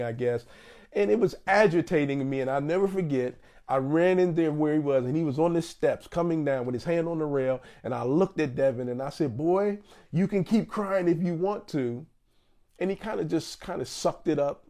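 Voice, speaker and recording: A man in his fifties preaching a sermon as a guest pastor, with emphatic swings and slow stressed phrases. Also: a little high, warm tone. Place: church.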